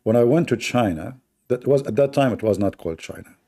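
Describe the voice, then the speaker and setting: A man's voice: mid-range voice, lively intonation, fairly quick, warm tone. A man hosting a debate livestream, talking sarcastically and mockingly to his chat.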